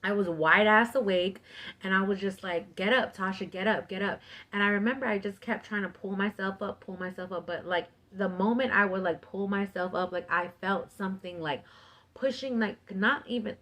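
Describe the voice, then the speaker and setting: A woman telling her own paranormal experience in a casual storytime vlog, filling her talk with "like" and acting out her past shouts and panic. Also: mid-range voice, normal speed. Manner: filler-heavy, animated retelling with "like".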